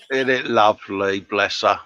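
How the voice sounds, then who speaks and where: A man's voice: lowish voice, expressive, slow, pushed and bright, slight background noise. A British man hosting a live workshop stream, chatting casually, laughing often and reading out viewer comments. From Britain. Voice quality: chummy, laughs often, says "mate" a lot. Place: home workshop bench. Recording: dull dry sound.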